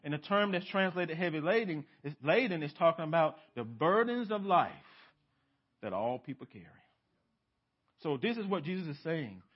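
A male pastor preaching a sermon in a church, emphatic, asking rhetorical questions and swinging from loud to hushed. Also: a little high, animated, moderate pace, slightly rough. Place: church sanctuary. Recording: dull lo-fi sermon recording.

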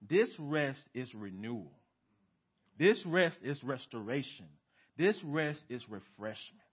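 A male pastor preaching a sermon in a church, emphatic, asking rhetorical questions and swinging from loud to hushed. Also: mid-range voice, lively intonation, slow pace, breathy edge. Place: church sanctuary. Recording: dull lo-fi sermon recording.

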